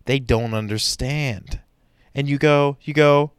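A man's voice: mid-range voice, slow, clean tone, no echo, studio quality. A man doing a stand-up comedy monologue in a sarcastic, mock-serious way.

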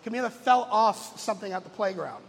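A man's voice: sits high, animated, brisk, breathy edge, in a large hall. A man in his thirties, the lead pastor, telling stories in a casual, joking sermon. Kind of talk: conversational sermon. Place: church.

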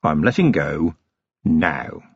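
A man reading the part of a stern, middle-aged police commander who talks in a quietly threatening, clipped and ironic way. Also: a bass voice, very animated, takes it slowly, gravelly, breathy edge, no room sound, lo-fi sound, voice pushed down, heavily acted. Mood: menacing. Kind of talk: audiobook character reading.

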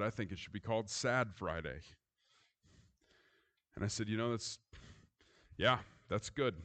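A middle-aged man who is a pastor, preaching a sermon with hushed, reflective stretches and rising, emphatic storytelling. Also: mid-range voice.

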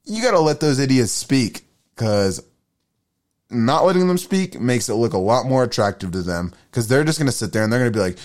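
A man's voice: mid-range voice, expressive, brisk, darkish tone. A young man hosting a solo podcast, rambling through his opinions with frequent swearing and self-deprecating asides. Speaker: podcast host.

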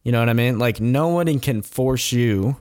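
A man's voice: medium pitch, moderate pace, darkish tone, no echo, studio quality. A man telling a true story in casual chat as host, rambling with chuckles and blunt asides.

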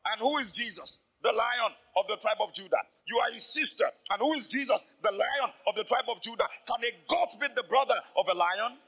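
A man preaching a lively sermon to his church, acting out the voices in his stories. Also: sits high, brisk, few pauses, breathy edge, poor audio. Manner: animated preaching, acts out quoted voices. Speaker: pastor.

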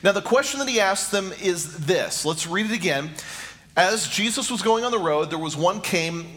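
A man's voice: sits high, expressive, moderate pace, fairly bright tone. A middle-aged man preaching a sermon as pastor, repeating rhetorical questions and speaking straight to his listeners.

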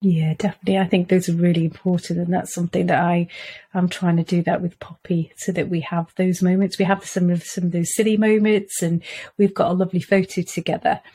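A woman's voice: on the low side, level tone, a little fast, husky. Woman from Wales telling family stories. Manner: warm storytelling, many restarts. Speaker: podcast guest, author. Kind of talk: casual conversation.

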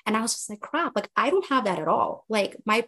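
This woman speaks at a medium pitch and a fairly quick pace. She's a young journalist on a podcast telling the story of her career, and her retelling is lively, conversational and full of filler words.

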